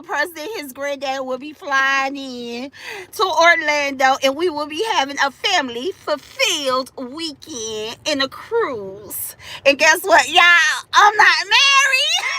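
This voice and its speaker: An older woman livestream host rants to her viewers in a high, bright voice that swings widely in pitch. She speaks at an unhurried pace, loud, boastful, profane and animated.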